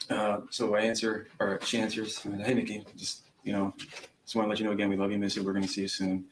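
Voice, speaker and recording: A man's voice: lowish voice, monotone, fast talker, slight background noise, low-quality recording. A young man testifying as a witness in court, recounting events hesitantly with frequent ums. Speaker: trial witness.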